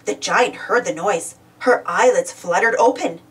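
A woman reading a children's storybook aloud with expressive, lively narration. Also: medium pitch, measured pace. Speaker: storybook reader. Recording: voice distant from the mic.

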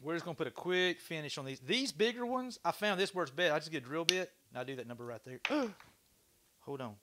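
A man hosting a casual livestream from his workshop, chatty and excitable, swearing casually as he talks to viewers. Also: a little high, quick pace, background noise. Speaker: livestream host. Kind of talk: casual livestream chat while woodturning.

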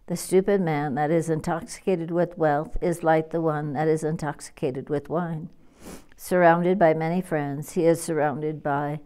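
A woman reading aloud as a stern old male sage who lays a curse, in a solemn, measured scripture reading. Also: deep voice, dark tone, smooth. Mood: preaching.

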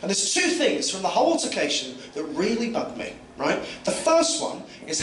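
High, lively English comedian in a roomy club. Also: male voice, moderate pace, few pauses. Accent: southern English. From England, Kent. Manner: rambling, self-mocking, many fillers and restarts. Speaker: stand-up comedian. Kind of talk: stand-up set. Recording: roomy, distant mic, noisy room.

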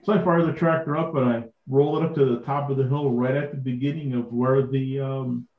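A man guest on a podcast, telling lively anecdotes and acting out the people in them. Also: medium pitch, a little fast, echoey room, narrow, tinny audio. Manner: animated anecdote-telling with quoted dialogue. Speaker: podcast guest, tractor collector. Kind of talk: casual storytelling.

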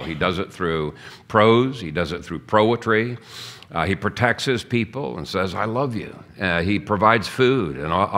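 A man's voice: low-pitched, fairly bright tone. A man preaching a sermon as pastor, teaching earnestly and reading out scripture. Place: church.

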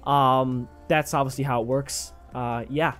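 A man's voice: medium pitch, steady tone, measured pace, fairly bright tone, clean tone, faint music behind, pitched below the performer's own voice, lightly acted. A man impersonating a smug male YouTuber who brags about scamming kids.

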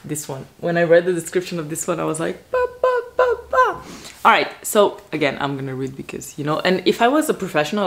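A woman vlogger chatting casually about books to a camera at home, excitable and full of "like" fillers. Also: low-pitched. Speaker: book vlogger. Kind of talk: casual book chat to camera.

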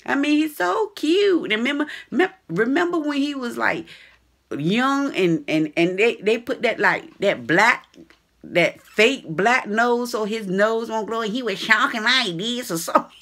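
A woman's voice: fairly high pitch, expressive, a little slow, a bit bright. A woman vlogger chatting casually to her viewers in a chatty, slangy way, laughing often. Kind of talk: casual chat to camera.

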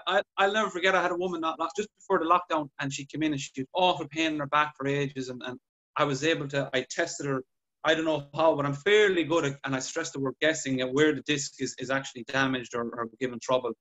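A man chatting on a podcast, telling patient stories with lively acted-out dialogue. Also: a little high, fast talker. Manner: animated storytelling, acts out patient dialogue. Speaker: podcast guest clinician. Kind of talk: casual podcast chat.

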